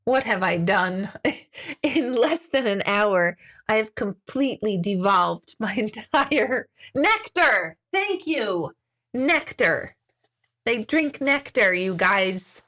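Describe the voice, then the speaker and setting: A woman hosting a casual live stream, chatting with viewers in a giggly, self-mocking, animated way. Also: mid-range voice, takes it slowly.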